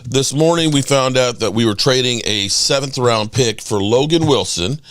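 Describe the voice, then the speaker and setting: Excitable man hosting a sports stream. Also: mid-range voice, moderate pace. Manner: excitable, repeats and restarts words. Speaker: sports channel host. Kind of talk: casual live stream commentary.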